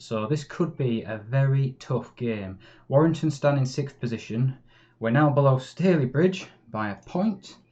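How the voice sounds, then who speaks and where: A man's voice: mid-range voice, highs cut off. A man commentating live on his own game, chatty and easily frustrated. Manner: chatty, swings between calm and exasperated. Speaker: gaming YouTuber.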